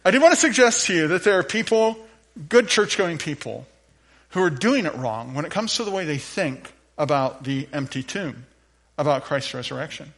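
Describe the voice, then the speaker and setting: A pastor delivering a sermon in a church, his voice sitting a touch high for a man. He preaches in a playful, animated way and draws the congregation into the fun. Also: normal speed. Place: church sanctuary.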